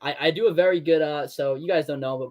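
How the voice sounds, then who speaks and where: A young man, a former college basketball player, chatting as a guest in a relaxed way with many fillers. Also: fairly high pitch, fast, over a noisy crowd. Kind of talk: casual interview chat.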